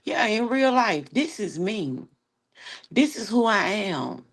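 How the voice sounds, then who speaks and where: A woman from Atlanta with a Southern accent, chatting sassily with her livestream viewers and telling animated stories full of slang. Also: mid-range voice, slow pace. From Atlanta, Georgia. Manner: sassy, animated storytelling with slang. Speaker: livestream host. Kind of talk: casual chat with viewers.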